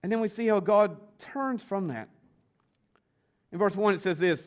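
A man with a notably high voice delivers a church sermon. He talks earnestly and pushes up in pitch and force when he stresses a point. The recording is a bit muffled and lo-fi. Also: moderate pace, long pauses. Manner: earnest, rising in pitch and force on emphatic lines. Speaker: pastor. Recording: slightly dull, lo-fi sound.

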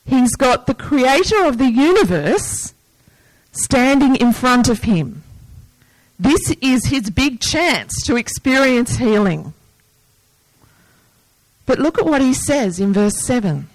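Slow, earnest woman preacher. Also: sits high, no room sound, rough recording. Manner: earnest, breaks into lively movie-yelling asides. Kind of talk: sermon.

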